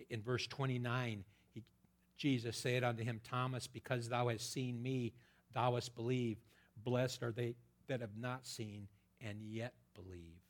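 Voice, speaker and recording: Preacher man swinging from shouts to whispers. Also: medium pitch. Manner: swings from loud emphatic peaks to hushed whispers; quotes scripture in old-fashioned wording. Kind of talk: sermon.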